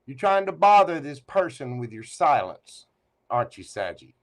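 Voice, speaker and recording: A man's voice: mid-range voice, very animated, moderate pace. A man giving a live tarot reading, teasing and playful as he talks straight to the listener. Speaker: tarot reader.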